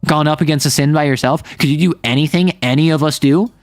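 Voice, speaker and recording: A man's voice: on the high side, quick pace, dry recording, close to an everyday voice. A man voicing a hot-tempered young female exorcist who speaks in a fierce, confrontational way. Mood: defiant.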